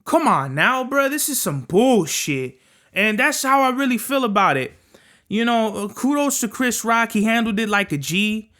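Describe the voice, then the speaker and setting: A man's voice: high voice, lively intonation, a little slow, bright, forceful tone. A young man hosting a podcast, ranting in a casual, profane, emphatic way and tacking "bruh" onto nearly every sentence. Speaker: podcast host. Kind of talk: casual opinion rant.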